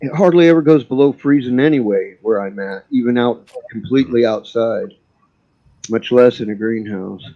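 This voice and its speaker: A man's voice: medium pitch, moderate pace. A man in a casual panel chat, talking in an easygoing, rambling way. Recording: dull lo-fi audio.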